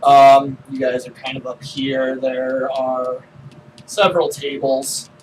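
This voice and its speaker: A man running a tabletop role-playing game, describing the scene in an unhurried, hesitant way with many fillers. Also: mid-range voice, little pitch movement. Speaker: game master. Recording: distant mic with faint noise.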